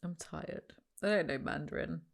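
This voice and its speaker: A woman's voice: low-pitched, vocal fry. Sarcastic woman ranting to camera. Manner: sarcastic, ranting, quick asides. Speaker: reaction video host. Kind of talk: casual chat to camera.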